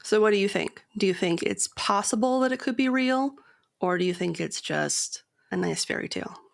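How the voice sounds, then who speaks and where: A woman co-hosting a podcast, reading a long poem and source quotes aloud in a measured storytelling cadence, then chatting casually. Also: medium pitch, lively intonation, vocal fry. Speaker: podcast co-host.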